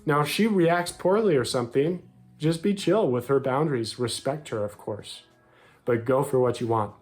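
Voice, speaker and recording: A young American man talks directly to the viewer with upbeat, frank dating advice for men, acting out short quoted lines. He has a mid-range voice at normal speed, and faint music sits in the background.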